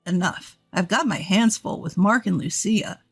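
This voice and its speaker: A woman's voice: mid-range voice, moderate pace, husky, soft background music. A woman voicing a cold, dismissive adult husband and father who speaks curtly and with irritation. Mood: irritated. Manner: curt and irritated.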